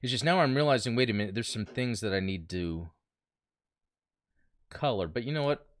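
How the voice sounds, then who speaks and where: A man's voice: medium pitch, expressive, moderate pace, dry recording, studio quality. A man hosting a casual livestream from home, chatting with viewers while setting up and thinking aloud, talking into a desk mic. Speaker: livestream host. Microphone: desk mic he talks into.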